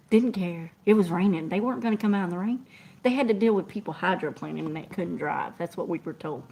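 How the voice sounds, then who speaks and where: A middle-aged woman, telling a story in casual chat and laughing often as she acts out what people said. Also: medium pitch. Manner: animated, laughing often, acting out quotes. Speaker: truck driver and show host. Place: truck cab.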